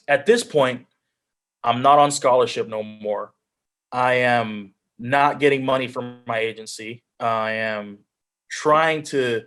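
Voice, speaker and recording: A man's voice: medium pitch, steady tone, a little slow, fairly bright tone. A young man earnestly telling his personal story as a guest speaker on a video call, often restarting his sentences. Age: young adult. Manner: earnest, heartfelt, with frequent restarts and "like". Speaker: guest speaker, pro football player.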